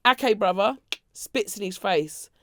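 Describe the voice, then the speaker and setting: A woman, co-hosting a podcast and telling a story with lively acted-out quotes and frequent laughter. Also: medium pitch, slow pace, no room sound, studio quality. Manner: animated storytelling, acts out quotes, laughs often. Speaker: podcast co-host. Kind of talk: casual chat.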